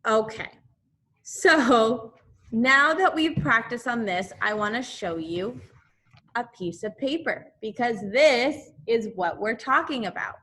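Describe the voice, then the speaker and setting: A woman teaches second graders over a video lesson, speaking into a computer mic. Her voice is bright and clear, and she talks slowly, repeating each term so the children can say it with her. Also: a little high, expressive. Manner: slow, repeating drills for young children. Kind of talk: remote class lesson.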